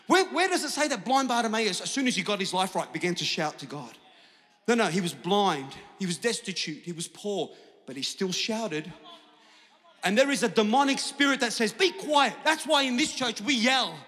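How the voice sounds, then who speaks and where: High, bright-voiced pastor preaching loudly. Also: male voice, expressive, normal speed. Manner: impassioned preaching, shifts from hushed to shouting. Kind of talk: sermon. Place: large church hall. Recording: church hall with long reverb.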